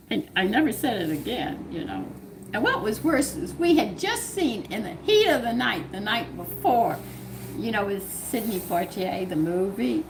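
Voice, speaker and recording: An older woman with a Southern US accent, a cooking channel host, telling a home story in casual, animated talk and laughing often. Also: mid-range voice, unhurried, slight background noise. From American South. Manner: animated, laughs often, swings loud and quiet.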